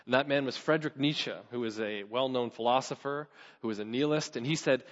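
A man's voice: medium pitch, a little fast. Male pastor, sermon delivery, earnest, long hall reverb, slightly dull lo-fi sound.

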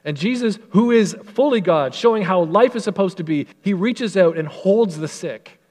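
A male pastor delivering an earnest, emphatic sermon in a fairly high voice. He slows down and softens when he reads scripture, and a long hall reverb trails behind his words. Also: lively intonation.

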